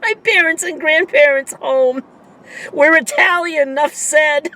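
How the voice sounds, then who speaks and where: A woman's voice: sits high, fairly bright tone. A middle-aged woman talking candidly to her viewers in a rambling personal vlog, with faint vehicle noise behind her. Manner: candid, rambling, quick to laugh. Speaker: vlogger.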